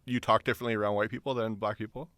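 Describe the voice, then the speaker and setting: A man's voice: on the low side, level tone, very fast, a bit bright, dry recording, clean studio sound. A man co-hosting a casual podcast, joking bluntly and laughing often. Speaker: podcast co-host.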